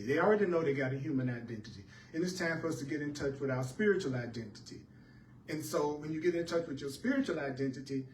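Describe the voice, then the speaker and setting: A man gives a spiritual teaching to a class in a rhythmic, emphatic way, driving each point home through repetition. His voice sits a little high for a man. He is heard from some distance in an echoey room with faint ambience behind him. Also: darkish tone, slight background noise. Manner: repetitive, emphatic, preacher-like cadence.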